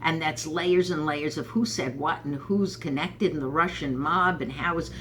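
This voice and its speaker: A woman's voice: low-pitched, moderate pace, slight background noise. A woman from Brooklyn, hosting a rambling, sarcastic political commentary monologue. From Brooklyn, New York. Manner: rambling, sarcastic, animated asides. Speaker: host.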